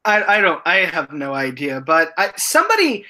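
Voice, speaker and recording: A woman's voice: low-pitched, wildly swooping pitch, normal speed, sharp tone. A woman co-hosting a casual live stream, rambling with many restarts. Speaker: guest co-host.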